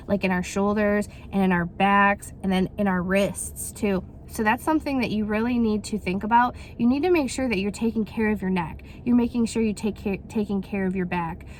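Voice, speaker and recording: A woman's voice: medium pitch, slight background noise. A woman in her thirties chatting casually through a product unboxing, rambling with fillers and acting out little quotes. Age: 30s. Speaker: vlogger reviewing a product.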